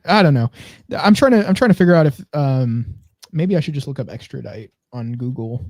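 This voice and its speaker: A man co-hosting a podcast, casually thinking out loud as he scrolls through and reads posts. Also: medium pitch, lively intonation, a little fast, few pauses, no room sound, clean studio sound. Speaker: podcast co-host.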